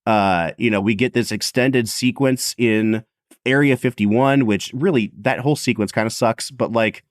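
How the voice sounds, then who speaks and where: A man's voice: mid-range voice, moderate pace, no room sound, clean studio sound. A man co-hosting a podcast, chatting casually and animatedly about a film, with lots of filler "like". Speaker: podcast co-host. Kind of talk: casual movie discussion.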